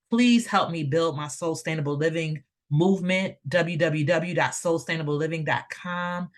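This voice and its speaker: Effusive woman hosting a video call panel. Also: deep voice. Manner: effusive, emotional, thankful. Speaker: host.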